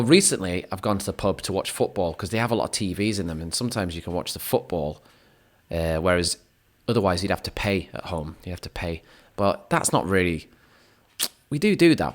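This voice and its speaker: A man talks casually to his viewers like a relaxed teacher. His voice sits low and deep, and he rambles, corrects himself mid-thought and slips in dry little jokes. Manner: rambling, self-correcting, joking asides to the viewer. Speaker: English teacher. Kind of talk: casual chat.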